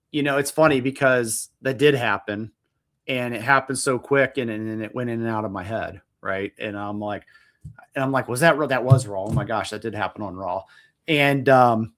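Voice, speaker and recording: Rambling, chuckling man co-hosting a podcast. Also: medium pitch. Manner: rambling, self-interrupting, chuckles. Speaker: podcast co-host. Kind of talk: casual chat.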